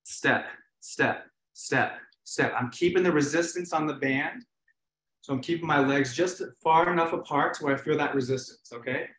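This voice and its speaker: A man's voice: fairly high pitch, fairly quick, fairly bright tone. A man hosting a live webinar, coaching hip exercises in an encouraging, easygoing way. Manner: encouraging, easygoing, repeats cues.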